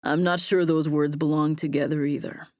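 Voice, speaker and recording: A woman reading a gentle young boyfriend, low and dry, reassuring. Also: fairly even intonation, normal speed, no echo, close to an everyday voice. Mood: tender. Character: tender young man, warm and teasing.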